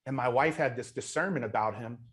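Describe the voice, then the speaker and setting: A man's voice: medium pitch, a little fast. A man hosting an interview, speaking casually and earnestly and often restarting his sentences. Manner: earnest, loose with frequent restarts. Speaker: host.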